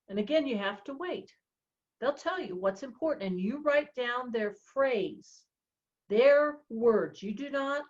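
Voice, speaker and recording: A woman real estate coach explaining a coaching method in an animated, chatty way. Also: a little high. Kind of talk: coaching talk on a podcast. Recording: dull lo-fi sound.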